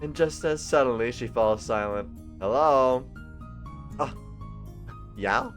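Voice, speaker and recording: A man's voice: medium pitch, slow, soft background music. A man reading a visual novel aloud as a let's play, with playful, rambling asides.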